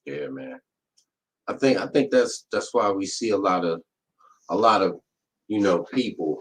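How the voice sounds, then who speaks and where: A man in casual chat, laid-back and halting, repeating words. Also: low-pitched, animated, low-quality recording.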